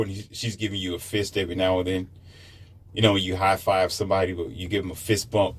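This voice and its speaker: A man's voice: deep voice, moderate pace, fairly bright tone. A man delivering a preachy opinion monologue to his listeners. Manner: lecturing, preachy, addresses listeners. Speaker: commentator.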